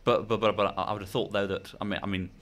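A man's voice: on the low side, flat delivery, very fast, a bit bright. A man hosting an interview, asking chatty, eager, rambling questions. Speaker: interviewer, host.

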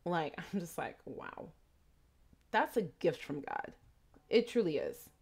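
A woman vlogger with a fairly low, slightly rough, darkish voice and vocal fry talks slowly but very animatedly, in a casual, reflective way. An immigrant raised in Texas, she has a slight trace of a foreign accent and rambles through asides and questions.

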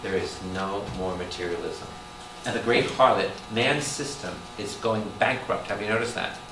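Priest, lively preacher firing questions at the room, heard from far off in an echoey hall with noise behind him. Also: male voice, on the low side, moderate pace, vocal fry. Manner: animated, calls out questions to the room. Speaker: priest teaching Bible study. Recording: roomy hall taped from a distance with noise.

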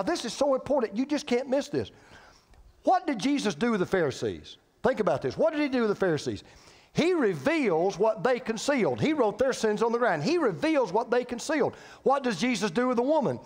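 High-voiced preacher guy, swoops all over, punchy repeating lines, big church echo. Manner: emphatic preaching with repetition and rhetorical questions. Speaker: pastor. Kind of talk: sermon. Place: church sanctuary. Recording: reverberant church hall.

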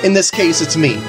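A video game commentator talking casually through a playthrough, excitable and giggling often, over game music. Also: mid-range voice. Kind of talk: casual let's-play commentary.

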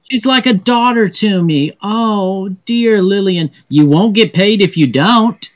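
A man's voice: high voice, slow, voice pushed up. A man voicing a fussy, anxious wealthy woman who prizes her assistant. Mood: pleading. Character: fretful wealthy woman, an Ultimate Sparkles patron.

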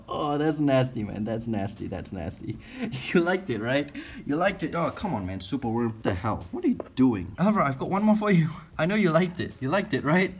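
Excitable husky-voiced man feeding his pets. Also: fairly high pitch. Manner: excitable, laughs often, coaxes his pets. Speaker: exotic pet keeper and channel host. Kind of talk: casual animal feeding vlog.

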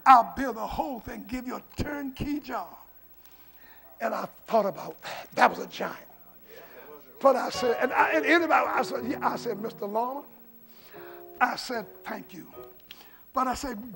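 An older man preaching a storytelling sermon as pastor, swinging from hushed asides to shouted lines. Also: extremely high pitch, moderate pace, gravelly.

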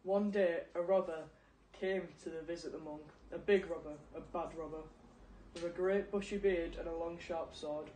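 A man's voice: fairly high pitch, fairly even intonation, normal speed, mellow, slight background noise. A man reading a story aloud for children at a church kids' group, with emphatic delivery. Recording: echoey room, mic far off.

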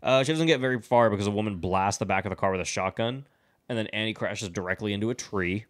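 A man hosts a casual movie podcast in a fairly low voice. He rambles through the plot recap and swears freely. His talk is loose and full of fillers. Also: fast talker. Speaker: podcast host.

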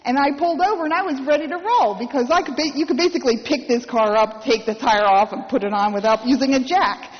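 Woman, priest, sermon, wry storytelling, high voice, long church echo. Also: fast, few pauses, highs cut off. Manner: storytelling with wry humor and acted quotes.

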